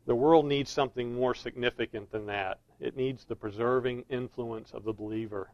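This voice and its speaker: A man preaching an expository sermon, earnestly leaning on key words and slowing down for emphasis. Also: mid-range voice, steady tone, no room sound, lo-fi sound.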